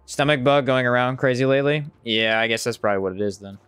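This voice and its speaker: A man's voice: quick pace, a bit bright, clear, resonant tone, no room sound, faint music behind. A man streaming a game live, chatting casually with viewers and reacting to the play. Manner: chatty, reads out chat, jumps up in pitch when surprised. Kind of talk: casual live gameplay commentary.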